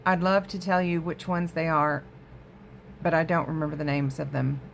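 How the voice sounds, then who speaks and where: Chatty low-voiced craft vlogger woman. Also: fairly even intonation, moderate pace, gravelly, a little hiss or hum. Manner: chatty, easily sidetracked, talks to viewers. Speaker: crafting vlog host. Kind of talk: casual show-and-tell chat. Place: home craft room.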